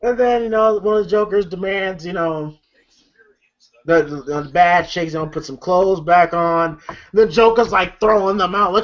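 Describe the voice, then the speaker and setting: A man's voice: high voice, fairly even intonation, moderate pace, dull audio. A man casually recapping a comedy movie, rambling with lots of fillers and frequent laughter. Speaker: movie reviewer.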